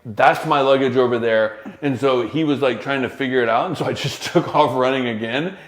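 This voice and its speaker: Male podcast co-host, lively casual storyteller, average pitch, echoey room sound. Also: brisk, a little hiss or hum. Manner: animated, acts out quotes. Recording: roomy echo.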